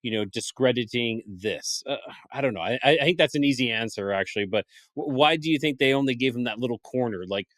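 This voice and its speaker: Halting male podcast host, dry sound. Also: medium pitch, fairly bright tone, dry recording. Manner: halting, stammers and restarts his questions. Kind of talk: casual interview questions.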